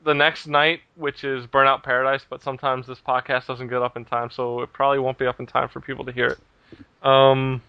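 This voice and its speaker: A man hosting a casual gaming podcast, talking in a relaxed, rambling way with lots of fillers. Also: medium pitch, brisk, clear, resonant tone, dry recording, muffled recording. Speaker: podcast host.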